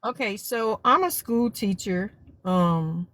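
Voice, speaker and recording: A woman from South Louisiana with its accent, a school teacher calling in and calmly explaining things step by step. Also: medium pitch, slow pace. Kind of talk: explanatory call-in.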